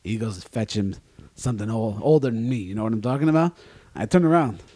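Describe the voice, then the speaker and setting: Man putting on a crude wiseguy barfly, husky low voice, swaggering brag, profane. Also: quick pace, warm tone, no room sound. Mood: boastful. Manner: swaggering, boastful, profane, keeps saying "you know what I'm talking about". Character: brash, crude male wiseguy barfly, middle-aged. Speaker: podcast co-host playing a guest. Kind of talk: improvised comedy character.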